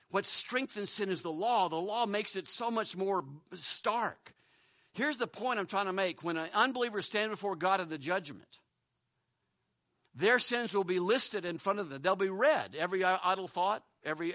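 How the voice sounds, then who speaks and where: A man's voice: sits high, sharp tone, no room sound. A pastor preaching a sermon in a church, earnest and pleading, often repeating words as he restarts. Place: church building.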